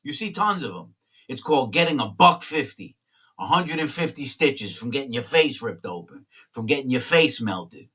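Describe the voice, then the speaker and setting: A former prisoner telling candid stories in a blunt, streetwise way, swearing freely. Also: male voice, mid-range voice, very animated, moderate pace, bright, forceful tone, slightly rough, far from the mic. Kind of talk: candid storytelling.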